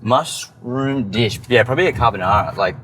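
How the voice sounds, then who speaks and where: A man's voice: mid-range voice, moderate pace, a bit bright, poor audio. A man chatting casually while he drives, laid-back and offhand. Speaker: podcast co-host, driving. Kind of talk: casual chat while driving. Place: inside a moving car. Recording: car noise behind.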